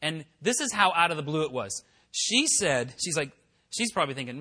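A man preaching, telling a personal story in a chatty, animated way and acting out the voices he quotes. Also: on the high side, normal speed, slightly rough. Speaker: pastor. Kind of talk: sermon storytelling. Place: church worship center.

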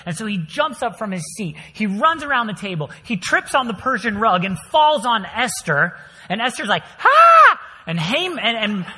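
Pastor, animated sermon storyteller, bright forceful voice, long church reverb. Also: male voice, on the high side. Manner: animated storytelling, dramatic swings in volume.

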